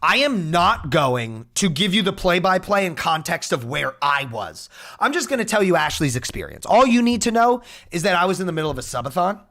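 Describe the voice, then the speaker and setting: A young man streaming, telling a story in a casual, profane, animated way. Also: high-pitched, a little fast. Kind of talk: casual chat.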